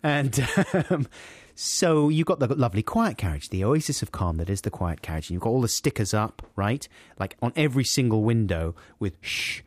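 A man telling a funny story as a podcast host, animated and playing out characters. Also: medium pitch, normal speed, no echo. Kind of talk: comic storytelling.

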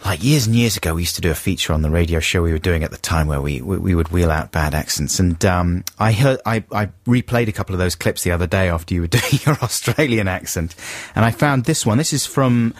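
A man hosting a radio show, chatting casually in an animated way and laughing often. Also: deep voice, brisk, few pauses, no echo. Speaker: radio host.

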